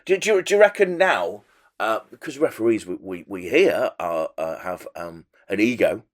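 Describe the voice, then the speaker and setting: A man chatting as a pundit on a football podcast, animated and rambling, laughing between jokes. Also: fairly low pitch, normal speed. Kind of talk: casual chat.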